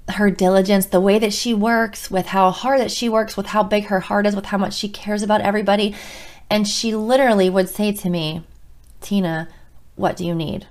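A middle-aged woman, a school counselor, telling a heartfelt personal story with emotion and many restarts. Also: medium pitch. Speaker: school counselor and podcast host.

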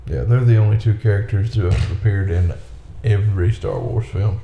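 A man co-hosting a casual movie commentary chat, laid-back and quick to quote characters in asides. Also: on the low side, gravelly, mellow, highs cut off. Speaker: podcast co-host. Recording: echoey room with faint background noise.

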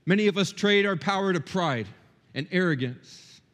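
A middle-aged male pastor preaching a sermon in a church, impassioned, swinging between loud peaks and quiet, intimate stretches. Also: high-pitched, lively intonation, normal speed, long reverb tail. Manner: impassioned, rising and dropping sharply for emphasis. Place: church hall.

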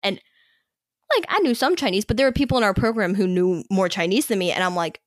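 A woman's voice: mid-range voice, fast talker, no echo. Young American woman co-host, casual chatter, dry close mic. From United States. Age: young adult. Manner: chatty, frequent "like" fillers. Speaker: podcast co-host. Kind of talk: casual podcast discussion.

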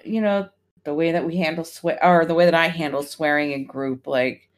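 A woman's voice: sits low, steady tone, moderate pace. A woman who leads groups, speaking frankly and matter-of-factly in a casual podcast chat.

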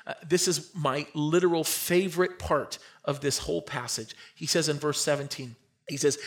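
A man preaching a sermon as pastor, emphatic, moving between loud declarations and quiet, close talk. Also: on the high side, steady tone, moderate pace.

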